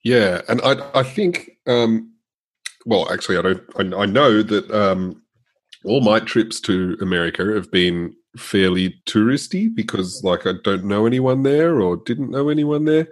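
Man, podcast co-host, casual chat, halting, lowish voice. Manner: hesitant, halting with restarts and fillers.

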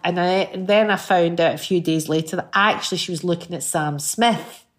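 She's a middle-aged Scottish woman, a singer guesting on a chat show, who tells stories with gusto and voices the people in them. Her pitch is fairly low and her pace fairly quick.

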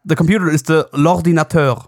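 A man's voice: on the high side, fairly even intonation, fast talker, no room sound, clean studio sound. A man co-hosting a podcast in English, with a hesitant, filler-heavy way of talking. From Germany. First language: German. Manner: hesitant, searching for words with many fillers. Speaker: podcast co-host. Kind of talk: casual chat.

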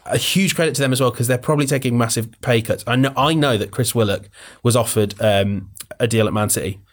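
A man talks football on a podcast with passion, his voice at an everyday middle pitch. He rambles a little and restarts his sentences as his points pile up. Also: fast talker. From England. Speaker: podcast host. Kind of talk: casual football podcast chat.

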